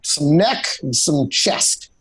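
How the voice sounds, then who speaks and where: A man co-hosting a comedy podcast, chiming in with quick, profane jokes and casual banter. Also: a little high, big pitch swings, fairly bright tone, slightly rough. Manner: quick, profane, laughing interjections.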